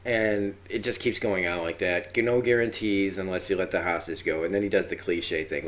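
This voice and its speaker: Male podcast host, deep voice, chatty rambling episode recap. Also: moderate pace. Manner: rambling, chatty, with frequent fillers and acted-out quotes. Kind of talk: casual spoken episode review.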